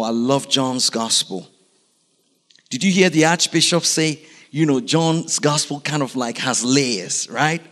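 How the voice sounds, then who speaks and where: A man preaching a sermon in a lively, animated way, constantly putting questions to his congregation, in a church. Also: on the high side. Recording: reverberant hall.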